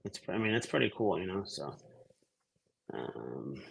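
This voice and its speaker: Co-host dude, casual chat, lots of ums, trails off quiet. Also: male voice, deep voice, very animated, unhurried, creaky, slightly rough. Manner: trailing off, hesitant, many fillers. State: recovering from illness.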